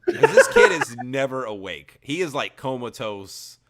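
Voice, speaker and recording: A man's voice: medium pitch, huge pitch swings, a little slow, crowd noise. A man co-hosting a casual movie review podcast, opinionated and wry. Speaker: podcast co-host.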